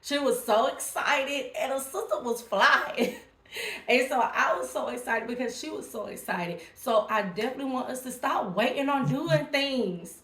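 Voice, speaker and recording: Vlogger, woman, chatty and encouraging, slightly high voice, echoey room. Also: normal speed, a bit bright. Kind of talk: casual direct-to-camera talk.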